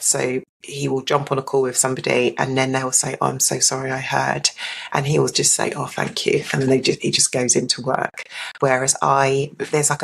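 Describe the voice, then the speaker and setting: A woman's voice: rumbling low, vocal fry, husky. A woman giving a candid, reflective personal account as a podcast guest. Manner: reflective and open, mimics others in a brighter voice.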